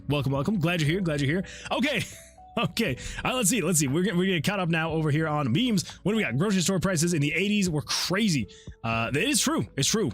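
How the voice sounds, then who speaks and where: An indie game developer chats casually on a livestream through a desktop USB mic, reading chat messages aloud and chuckling often. His voice is on the high side with a fairly bright tone.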